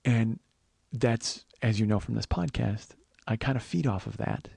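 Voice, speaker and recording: Gravelly-voiced comic in his forties, podcast host spinning a profane, rambling yarn; dry, close sound. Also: on the low side, a little slow, dry recording. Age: 40s. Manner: profane, rambling, animated storyteller. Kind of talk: comedic storytelling monologue.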